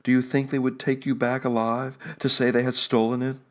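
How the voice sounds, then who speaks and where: A man reading an audiobook voices a fierce young mother, hoarse and urgently pleading with her husband. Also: mid-range voice, level tone, a little fast, pitched above the performer's own voice, close to an everyday voice. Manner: pleading, goading.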